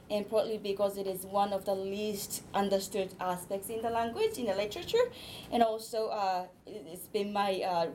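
A woman linguist giving an academic presentation, explaining her slides step by step with frequent pauses and hesitations. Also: medium pitch, darkish tone, a little hiss or hum, rough recording.

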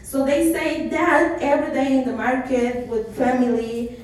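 Halting Mexican woman teacher in an echoey room. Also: high-pitched, flat delivery, a little mellow, distant mic. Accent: Mexican Spanish. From Isthmus region of Oaxaca, Mexico. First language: Spanish and Zapotec. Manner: halting, with frequent restarts and fillers. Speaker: Zapotec language teacher. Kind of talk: presentation talk.

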